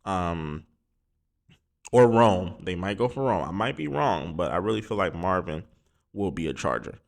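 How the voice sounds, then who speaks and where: Male sports podcast host, deep voice, loose and rambling, lots of ums. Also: lively intonation, normal speed, gravelly. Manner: rambling, filler-heavy, informal. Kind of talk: casual solo sports talk.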